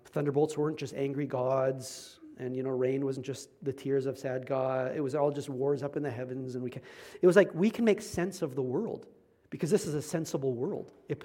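Male pastor, relaxed sermon delivery, slightly high voice, punchy emphasis. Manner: conversational, emphatic, self-deprecating asides.

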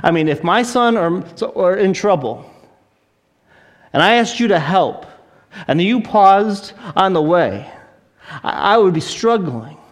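A man preaching a sermon, retelling a story with animated, acted-out voices. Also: sits high, takes it slowly, long pauses. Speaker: pastor.

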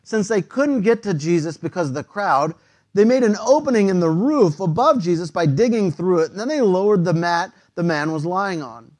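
A man's voice: high voice, lively intonation, moderate pace, darkish tone. A man preaching a sermon in a casual, conversational way, using slang and often repeating words.

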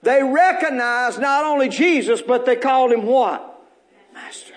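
Male pastor, very high voice, call-and-response sermon, folksy. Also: unhurried. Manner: call-and-response preaching, repeating short phrases to the congregation; folksy, joking asides.

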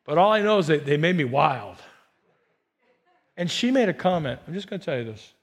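Middle-aged guy preaching, kinda high voice, chatty, goes from loud punchy bits to real quiet asides. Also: very animated, brisk. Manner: conversational, swings between loud emphatic bursts and soft, hushed asides. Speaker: pastor. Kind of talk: personal storytelling sermon.

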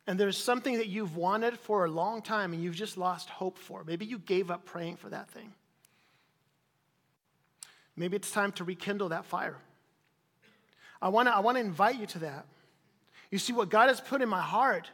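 A male pastor preaching an insistent sermon, repeating phrases and rising to sudden loud peaks. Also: high-pitched. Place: church hall. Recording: reverberant church hall.

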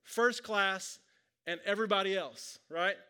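A man preaching a sermon in a relaxed, conversational way, often checking in with the listeners. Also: high voice, unhurried, smooth. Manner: conversational preaching, asides like "right?". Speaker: pastor.

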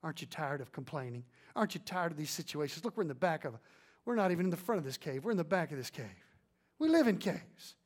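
A man preaching who plays a male soldier quietly urging his leader to strike, in a low, hushed and pressing voice. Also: lively intonation, quick pace.

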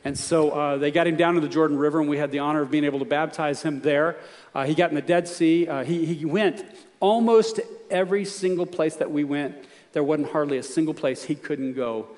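A man's voice: on the high side, fairly quick, darkish tone. Male pastor mid-sermon, earnest storyteller, voice ringing through a big hall. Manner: storytelling, earnest, emphatic questions to the congregation.

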